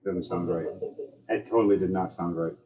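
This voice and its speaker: A man running a tabletop game as game master, narrating in an animated way and acting out sound effects. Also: deep voice, a little fast, dull audio, a little hiss or hum.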